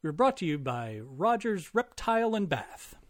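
A man's voice: high-pitched, very animated, moderate pace, no echo, studio quality. A man co-hosting a casual comedy podcast, wry and self-deprecating, making puns. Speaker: podcast co-host.

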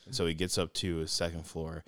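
A young man co-hosting a casual podcast, an excitable storyteller who acts out voices in his anecdotes. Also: deep voice, fairly quick, no echo, clean studio sound. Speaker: podcast co-host. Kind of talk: casual chat.

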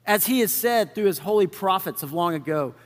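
A man's voice: high voice, brisk, in a large hall. A male pastor preaching a conversational sermon, often acting out the people in the story. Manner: conversational, animated, acts out quoted figures.

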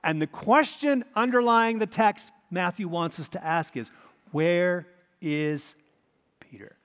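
Animated preacher in a reverberant church. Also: male voice, high voice, normal speed. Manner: dramatic, vivid storytelling with repeated key points. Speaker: pastor. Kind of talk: sermon.

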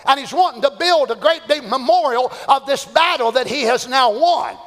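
A man preaching a fervent sermon, swinging between shouts and hushed asides, with long hall reverb. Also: very high voice, expressive, normal speed. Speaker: pastor. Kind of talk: Pentecostal sermon.

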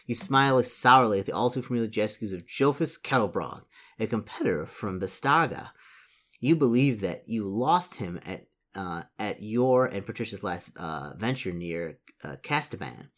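Man reading a gamebook, lively voice. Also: on the low side. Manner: halting reading, stumbles on words, animated asides. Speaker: reader playing a solo gamebook. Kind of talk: reading aloud with asides.

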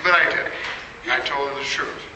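A man with a steady, mid-range voice and moderate pace gives an interactive lecture, quizzing the audience and tossing in joking asides. The room is echoey and noisy.

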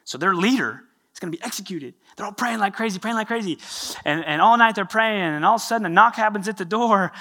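Ein Prediger mit hellem, kraftvollem Ton und eher hoher Männerstimme erzählt lebhaft biblische Geschichten. Er wechselt zwischen Nachdruck und ruhigeren Passagen und spielt dabei die Figuren mit. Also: male voice, sits high, fast. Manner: animated, storytelling with acted-out quotes. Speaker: pastor. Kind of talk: sermon.

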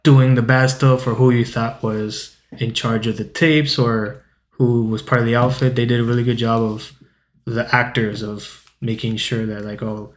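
A man co-hosting a podcast, calmly explaining what he liked about a film. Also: mid-range voice, moderate pace, echoey room. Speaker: podcast co-host. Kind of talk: casual movie discussion.

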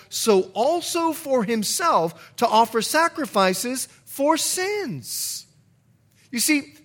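A middle-aged man, a pastor, preaching a sermon in an animated way, now and then acting out short exchanges in a low growl. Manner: animated, acts out dialogue with sudden drops to a low growl.

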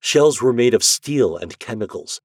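A man narrating a dramatic story in a steady voice, building intensity as he goes. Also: medium pitch, measured pace, no room sound, studio quality.

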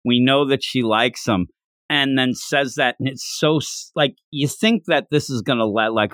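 A man's voice: medium pitch, moderate pace, a bit bright, no echo, studio quality. A man co-hosting a casual chat, animatedly retelling scenes and acting out the lines. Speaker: podcast co-host. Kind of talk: casual chat about a manga chapter.

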